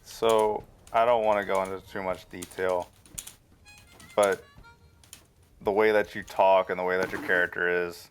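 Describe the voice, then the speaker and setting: A deep-voiced man narrates a tabletop game as its game master. He stops and restarts often and leans on fillers. Soft music plays faintly behind him. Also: little pitch movement. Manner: halting, many restarts and fillers.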